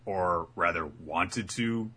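A man's voice: low-pitched, slow, bright, forceful tone, slightly rough. A man co-hosting a casual podcast, talking things through analytically with hesitant restarts. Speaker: podcast co-host.

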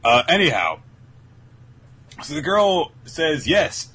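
Male podcast host, bright tone, animated delivery, dry humour when recapping. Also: lowish voice, unhurried, breathy edge, poor audio. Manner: dry, mock-exasperated summarizing. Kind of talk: casual manga recap chat.

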